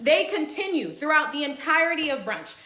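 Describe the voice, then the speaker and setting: A young woman with a high, bright voice tells a juicy story about a friend while she gets ready. She talks casually and dramatically and acts out everyone's lines. The recording has a roomy, echoey feel. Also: a little fast. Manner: animated, dramatic retelling with quoted dialogue.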